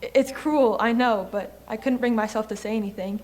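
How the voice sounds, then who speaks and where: A woman's voice: on the high side, a little fast, a little mellow, soft background music, natural voice. A young woman in a school play, acting a tearful middle-aged mother on stage. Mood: tearful, rueful. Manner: stage acting, rueful and weepy. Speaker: student actor in a school play.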